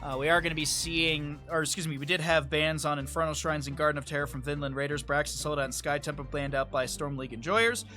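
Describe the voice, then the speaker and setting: A man's voice: fairly high pitch, fairly even intonation, fast talker, few pauses, bright, forceful tone, faint music behind. A man casting a live esports match on stream, chatty and rambling, often stopping to apologize. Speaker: esports caster. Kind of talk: live stream game commentary.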